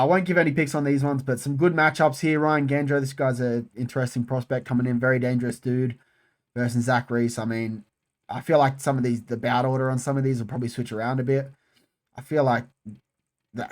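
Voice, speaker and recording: Excitable swearing man. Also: mid-range voice. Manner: animated, frequent swearing, repeats phrases. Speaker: MMA channel host. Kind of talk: casual solo commentary.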